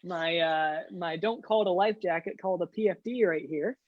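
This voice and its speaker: A man's voice: sits high, normal speed, dry recording, dull audio. A man hosting a scouting den meeting for young kids, upbeat and leading activities with frequent "uh" fillers.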